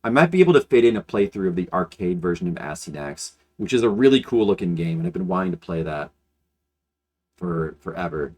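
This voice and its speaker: A man's voice: low voice, very animated, brisk, darkish tone, husky. A man streaming games, chatting casually and thinking aloud, rambling with frequent restarts. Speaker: game streamer. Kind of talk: casual live-stream chat.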